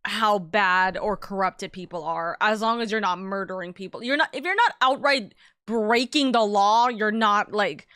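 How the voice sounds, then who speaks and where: A woman's voice: medium pitch, moderate pace, sharp tone, dry recording, studio quality. A woman hosting a stream, chatting casually and rambling with giggles while she plays. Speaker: streamer host. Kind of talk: casual chat while playing.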